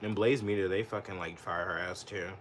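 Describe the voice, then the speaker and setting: A man's voice: low-pitched, fairly even intonation, a little fast, noisy background. A man doing live political commentary, rambling, profane and full of "like", getting heated and indignant. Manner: profane, rambling, heavy use of "like". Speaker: political livestreamer.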